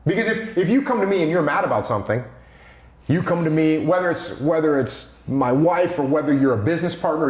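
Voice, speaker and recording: A man's voice: a little high, expressive, brisk, a little mellow. A man talking through ideas on leadership in a casual podcast conversation, with an emphatic manner, hammering on key phrases. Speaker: leadership speaker. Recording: roomy echo.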